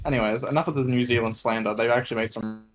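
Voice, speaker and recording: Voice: medium pitch, steady tone, rapid-fire, crowd noise. A young person from Australia, co-hosting a podcast in dry, teasing banter. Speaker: podcast co-host. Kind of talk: casual chat.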